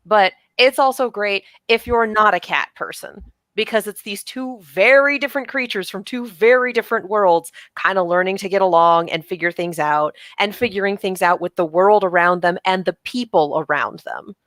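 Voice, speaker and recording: An American woman co-hosting a podcast in casual chat, animated and quick to act out quotes. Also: mid-range voice, no room sound. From United States. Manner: animated, acts out quotes with laughs. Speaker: podcast co-host.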